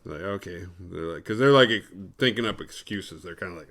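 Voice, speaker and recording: A man's voice: deep voice, animated, moderate pace, hardly any pauses, pushed and bright. A man hosting a horror movie podcast, recapping a film in a rambling, profane, sarcastic way.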